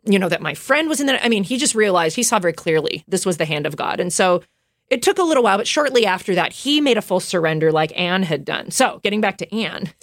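A woman telling a story in a casual podcast chat, full of fillers, asides and quick laughs. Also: fairly low pitch, animated, dry recording, studio quality. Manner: chatty, lots of fillers and asides; laughs often while telling.

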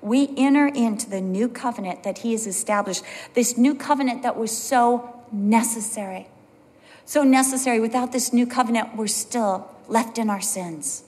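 A woman's voice: fairly high pitch, moderate pace, a little mellow. Earnest woman teaching Bible study. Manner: earnest, emphatic repetition. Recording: long hall reverb.

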